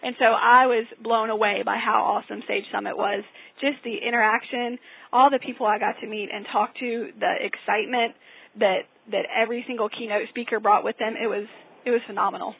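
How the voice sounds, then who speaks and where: A woman business owner chats excitedly over a tinny phone line. Her voice is husky, with some creak, and sits a little high. The sound is very dry. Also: fairly quick. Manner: excited, chatty. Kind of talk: casual interview.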